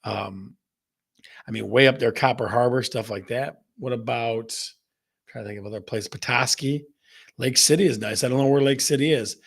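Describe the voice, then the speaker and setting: A man's voice: mid-range voice, moderate pace, vocal fry. A middle-aged man hosting a casual real estate show, chatting loosely, repeating himself and tossing questions to his audience. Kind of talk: casual live-stream chat reading viewer comments.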